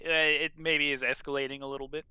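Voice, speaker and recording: A man's voice: a little high, flat delivery, quick pace, sharp tone, clear, resonant tone, dry recording. A man playing a character in a tabletop game, bargaining in a friendly way. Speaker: player.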